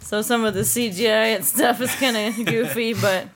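A woman co-hosting a casual podcast, chatty and animated when she tells stories. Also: on the high side, moderate pace. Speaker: podcast co-host. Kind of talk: casual chat.

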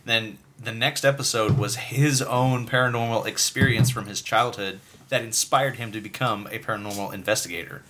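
A man with a lowish voice chats on a podcast and slips in deadpan jokes. Clear background noise sits under his voice. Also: normal speed, hardly any pauses. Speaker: podcast co-host. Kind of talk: casual chat.

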